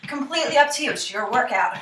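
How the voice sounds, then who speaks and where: A woman's voice: a little high, lively intonation, fast, fairly bright tone, slight background noise. A young woman instructing a cardio workout while exercising along, a little out of breath, encouraging and counting down reps. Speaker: fitness instructor. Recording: echoey room, camera mic from far off.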